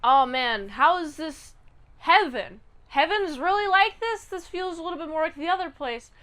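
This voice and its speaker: A brash male crook, greedy and easily bored, talks loud and excitable with a sarcastic streak, as a woman puts him on in a casual recap. The voice sits high. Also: moderate pace, full character voice. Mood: dismayed.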